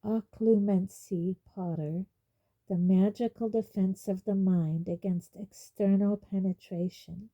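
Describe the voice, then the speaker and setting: Brief: cold, sneering male schoolmaster wizard, read by a woman, slow, mellow, silky menace. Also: medium pitch, steady tone, highs cut off. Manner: quietly waspish, silky.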